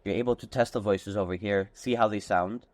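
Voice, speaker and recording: A man hosting a casual tutorial, walking through software step by step and stringing steps together with "and then". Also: fairly low pitch, steady tone, a little fast, no room sound. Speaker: tutorial host. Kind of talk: screen-recorded software walkthrough.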